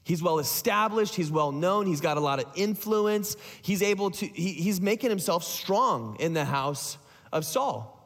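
Pastor guy, pretty high voice, jokey sermon, echoey big hall. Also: animated, a little slow, fairly bright tone. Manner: casual, joking storytelling.

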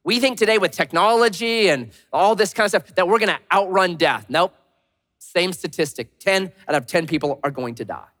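A man in his thirties, a pastor giving a sermon, swinging between loud punchy lines and hushed slow emphasis. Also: high-pitched, animated. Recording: long reverb of a large hall.

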